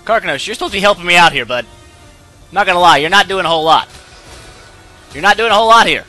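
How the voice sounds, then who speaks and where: A young man hosting a gaming channel, giving excitable let's-play commentary and yelping when things go wrong. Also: sits high, quick pace, faint music behind. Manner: excitable, yelps and laughs when in trouble.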